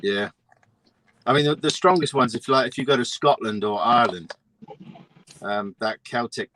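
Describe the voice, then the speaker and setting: A man's voice: medium pitch, moderate pace, pushed and bright, slight background noise, rough recording. A man from England with a London accent, chatting casually as a guest on a trucking talk show and telling stories with many restarts. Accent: London English. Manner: rambling storyteller with many restarts. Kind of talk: casual chat.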